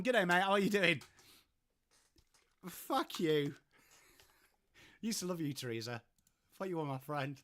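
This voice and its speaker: A man's voice: fairly high pitch, very animated, a little slow, pauses often, a bit bright. A man with an English accent hosting a casual football watchalong livestream, chatting and swearing while answering viewers in chat. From England. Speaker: livestream host. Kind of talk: casual live-stream chat.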